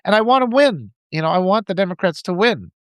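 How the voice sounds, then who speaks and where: A man's voice: high-pitched, lively intonation, a little fast, smooth, no room sound, studio quality. A man hosting a livestream, giving impassioned political commentary and reading out viewers' chat, often repeating phrases for emphasis. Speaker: livestream host.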